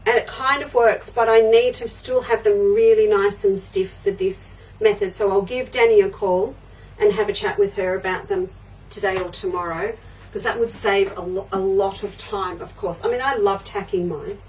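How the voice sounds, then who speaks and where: An older woman chats her way through a live craft show, friendly and rambling as she answers viewers. She sits a little back from the microphone, so her voice sounds slightly distant. Her pitch sits in an ordinary middle range. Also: fairly even intonation, normal speed, slight background noise. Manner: chatty, reads out and answers viewer comments. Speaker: quilting show host.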